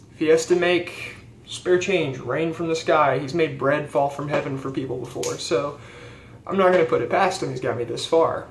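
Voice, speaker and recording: A young man and theology student telling a story in a casual vlog, earnest and rambling with fillers and restarts. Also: a little high. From rural United States. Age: young adult. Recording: echoey room with faint background hiss.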